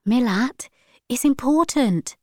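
A woman reading as a sharp-tongued teenage schoolgirl, storybook. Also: high voice, lively intonation, slow, no room sound, clean studio sound, voice pushed up, exaggerated voice. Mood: urgent. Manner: impatient, snappish.

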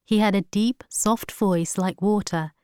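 Woman reading a story, steady and measured, smooth clear voice, dry close mic. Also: mid-range voice, dry recording. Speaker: narrator. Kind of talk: scripted narration.

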